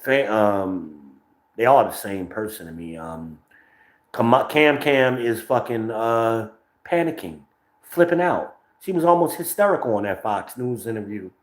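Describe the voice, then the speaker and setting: This time the New Jersey host speaks a little slowly and expressively in a lowish voice, the audio sounding roomy. His New Jersey accent colors brash, profane, rambling livestream commentary for his podcast, recorded on a phone with no mic.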